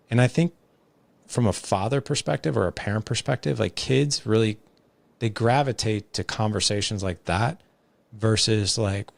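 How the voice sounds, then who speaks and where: A man with a low, gravelly voice speaks as a podcast guest. He is a father who explains things earnestly through everyday examples and leans on casual fillers. The sound is close and dry, with no room around it. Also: normal speed, dry recording.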